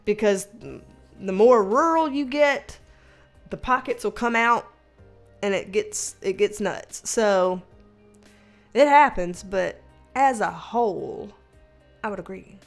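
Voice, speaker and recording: A woman's voice: medium pitch, animated, slow, long pauses, faint music behind. A young woman hosting a casual livestream, reading viewer comments aloud, chatty, laughing often and swearing now and then. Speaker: livestream host reading chat. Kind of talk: casual chat.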